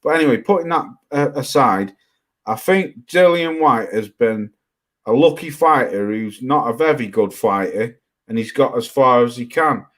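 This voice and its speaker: A man's voice: mid-range voice, animated, normal speed, fairly bright tone. Man arguing boxing. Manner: talks over others, insists on finishing. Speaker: podcast co-host. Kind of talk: heated casual debate.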